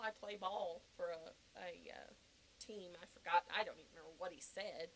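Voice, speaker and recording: An older woman telling a personal story in a podcast interview, animated and laughing often. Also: mid-range voice, normal speed, poor audio. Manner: animated, laughing, acting out quoted reactions. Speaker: guest.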